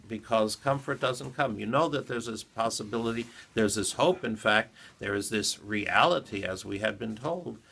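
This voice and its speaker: Low gravelly rabbi giving a morning talk. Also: male voice, fairly bright tone. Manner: measured storytelling, retelling a teaching with quoted dialogue. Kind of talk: short morning talk after prayers.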